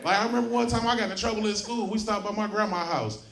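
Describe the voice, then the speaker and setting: A man's voice: sits high, fast talker, creaky. A man doing a brash, profane stand-up comedy set in a club, often laughing at his own jokes. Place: comedy club stage before a live audience. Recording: roomy club with loud crowd laughter.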